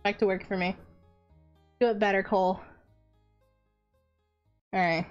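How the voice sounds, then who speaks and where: A woman's voice: medium pitch, fairly even intonation, measured pace, muffled recording, soft background music. Profane, teasing woman streamer. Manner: blunt, profane, teasing banter with chat. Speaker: live streamer. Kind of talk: casual live-stream chat.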